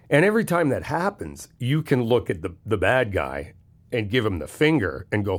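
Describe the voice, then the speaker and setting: Male best friend for a comfort audio, animated and frank, casual swearing, reassuring. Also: on the low side, normal speed. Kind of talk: comfort audio role-play.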